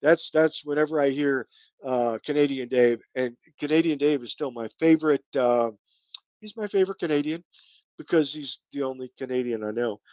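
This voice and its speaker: A man's voice: mid-range voice, normal speed, a little mellow, no echo, dull audio. A middle-aged man from Kentucky with a light Kentucky accent, hosting a casual live stream chat in a rambling, folksy way. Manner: rambling, folksy, thanks viewers by name. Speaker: channel host.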